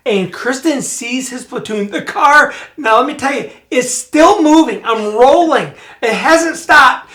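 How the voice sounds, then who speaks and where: A middle-aged man from Michigan, co-hosting a podcast, telling a family story in a lively, casual way. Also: very high voice, measured pace, hardly any pauses. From Michigan, USA. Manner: animated storyteller who speeds up and gets loud when retelling scenes. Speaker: podcast co-host.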